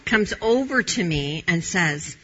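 This middle-aged guest speaks slowly in a lowish voice with lively intonation as she gives a frank Christian testimony on a talk show. She laughs frequently and tells her story animatedly, while the recording has its highs cut off and a noisy background.

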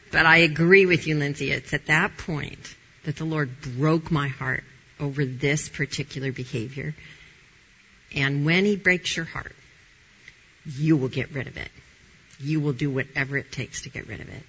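A woman's voice: low-pitched, measured pace, long pauses, fairly bright tone, breathy edge, highs cut off. A middle-aged woman giving a candid Christian testimony on a talk show, telling her story with animation and frequent laughs. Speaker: guest sharing testimony.

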